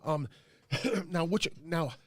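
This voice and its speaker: A man's voice: on the high side, extremely slow, dry recording. A man from the United States hosting a podcast, asking questions in a rambling way, full of fillers. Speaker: podcast host. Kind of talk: casual podcast interview.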